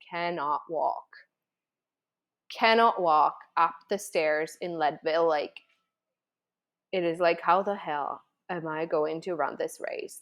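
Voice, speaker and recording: A woman vlogger telling a personal story in a casual, animated way, with many fillers, acting out her own thoughts. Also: mid-range voice.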